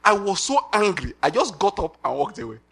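A middle-aged Nigerian man preaching a sermon with animated delivery, slipping into pidgin asides and laughing. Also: high-pitched, a little fast, vocal fry, breathy edge.

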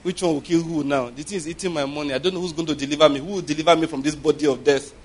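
A man's voice: on the high side, fairly even intonation, racing, a little hiss or hum, lightly acted. A man voicing a cigarette addict who pleads and rambles to himself about his habit. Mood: pleading.

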